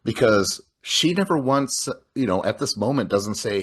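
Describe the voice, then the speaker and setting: A man's voice: medium pitch, moderate pace, hardly any pauses, slightly rough. A man casually recapping a horror film, acting out characters' lines, swearing and laughing often. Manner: animated, acts out characters' lines mid-retelling. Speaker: podcast co-host. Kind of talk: casual movie recap chat.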